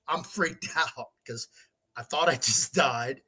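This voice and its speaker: Husky man telling a wild story. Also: medium pitch, expressive, moderate pace, pushed and bright. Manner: laughs often between lines, swears freely. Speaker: show host. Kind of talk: casual storytelling monologue.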